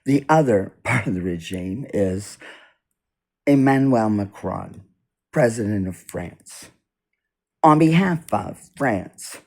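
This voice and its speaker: A man with a fairly low voice speaks slowly in an unscripted monologue for his own video. His pitch moves a lot, and he stops, repeats and restarts as he goes. His volume rises and drops from phrase to phrase. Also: expressive, breathy edge. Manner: halting, repeats and restarts, swings loud and soft. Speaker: video blogger. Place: indoors, US east coast.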